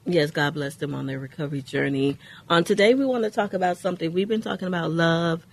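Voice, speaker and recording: A woman co-hosting a faith-based radio talk show, telling a personal story in an earnest way with pauses. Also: fairly low pitch.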